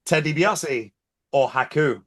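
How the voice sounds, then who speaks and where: A man hosting a quick-fire quiz segment on a podcast in a punchy, playful way. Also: on the high side, a bit bright. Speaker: segment host.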